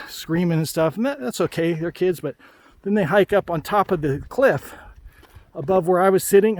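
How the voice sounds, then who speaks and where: Chatty man hiking outdoors. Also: sits high. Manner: chatty, ranting friendly advice. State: out of breath after a hike. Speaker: travel vlogger. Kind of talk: casual vlog talk while hiking.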